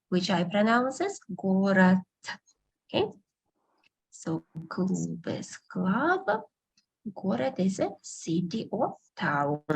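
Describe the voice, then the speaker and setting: A woman from Russia, patiently teaching a beginner language class online and repeating words slowly for her students. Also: mid-range voice, gravelly, darkish tone, breathy edge.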